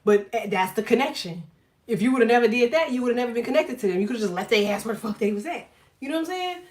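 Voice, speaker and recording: A woman's voice: a little high, lively intonation, quick pace, darkish tone. A woman tarot reader on a casual livestream who talks straight to her viewers, swears freely and laughs often as she jokes. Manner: profane, blunt and jokey, laughs often; talks to viewers directly, reads chat aloud.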